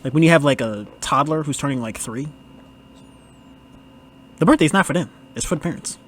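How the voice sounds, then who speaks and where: A man's voice: fairly high pitch, expressive, a little fast. A man hosting a podcast, giving casual movie commentary in a laid-back, slangy way, laughing often. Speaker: podcast host.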